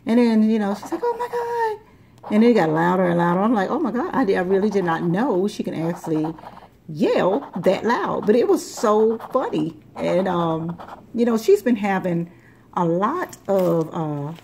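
A woman's voice: medium pitch, expressive, normal speed, gravelly, dark tone, slight background noise. A woman hosting a lottery scratch-off video, chatting casually and rambling as she scratches. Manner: chatty, rambling, repeats words. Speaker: lottery scratch-off channel host. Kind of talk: casual chat while scratching tickets.

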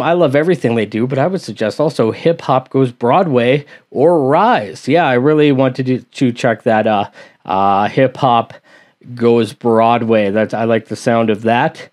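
Casting: male reaction-channel host, mid-pitched voice, chatty and hesitant, reading comments out loud. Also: measured pace. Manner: rambling, hesitant, with many fillers and asides. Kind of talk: casual chat reading viewer comments.

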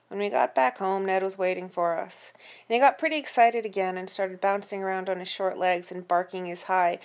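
A woman reading a children's novel aloud in an expressive, conversational storytelling manner. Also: mid-range voice, brisk. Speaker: reader.

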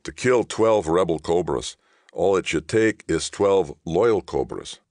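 A man voicing a gruff, curt middle-aged soldier in an audiobook. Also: rumbling low, sing-song, normal speed, dry recording, clean studio sound, heavily acted. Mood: grim. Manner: growling, curt. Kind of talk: audiobook reading.

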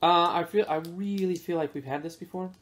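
A man casually reviewing snacks with his kids in a relaxed, chatty way, with plenty of fillers. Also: high-pitched, fairly quick.

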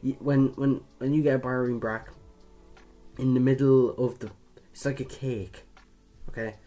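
A man's voice: mid-range voice, steady tone, a little slow, dark tone, soft background music. A young man from Ireland doing casual quiz commentary, chatty, swearing casually and laughing at his own jokes. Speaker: video creator.

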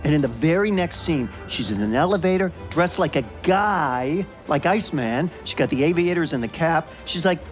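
An actor playing a crude, excitable young movie buff in an audio drama, ranting fast with lots of swearing. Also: male voice, fairly high pitch, soft background music, lightly acted. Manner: fast, profane, animated rant.

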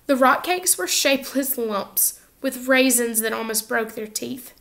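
A woman narrating a children's novel aloud in an expressive, lively reading style. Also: a little high, unhurried, creaky, hardly any pauses. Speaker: audiobook reader. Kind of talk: storybook narration.

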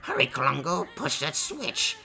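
A man voicing a cackling wicked old female witch who speaks in creaky rhymes. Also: a little high, wildly swooping pitch, unhurried, voice pushed up, full character voice. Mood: gloating. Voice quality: creaky, rhyming singsong. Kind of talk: reading game text aloud in voices.

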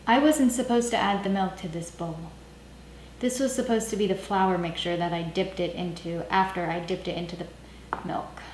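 A woman's voice: mid-range voice, moderate pace, a little mellow, reverberant, slight background noise. A young adult woman hosting a casual home cooking vlog, sarcastic and self-mocking as she talks through the recipe. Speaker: cooking vlogger. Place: home kitchen.

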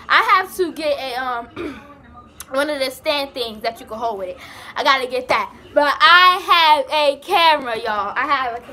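A young woman vlogs in a high, bright, bubbly voice. She sounds giddy and slightly out of breath as she chats with her viewers. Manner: excited, bubbly, chatty. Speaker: vlogger. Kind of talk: casual vlog chat.

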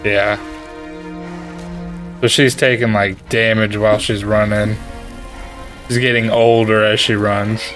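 A man giving casual, excitable, joking commentary while playing a video game. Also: on the low side, takes it slowly, pauses often, soft background music. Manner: excitable, trash-talking, jokey. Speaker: gaming streamer.

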